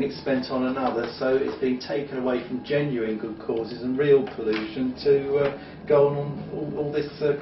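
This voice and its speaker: A man's voice: medium pitch, slight background noise. A man giving an opinionated, rambling monologue with emphatic restarts. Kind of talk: monologue talk. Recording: roomy, distant, dull lo-fi.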